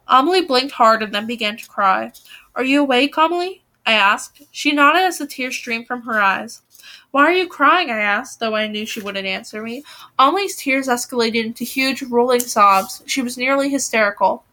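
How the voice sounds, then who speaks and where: A young woman with a high, bright voice reads a novel aloud. She gives the dialogue lively emphasis, rising sharply when characters shout. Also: moderate pace. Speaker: reader of a novel.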